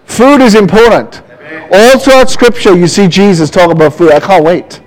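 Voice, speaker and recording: Pastor, male, high voice, animated storytelling sermon. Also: brisk, rough recording. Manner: lively, animated preaching with storytelling.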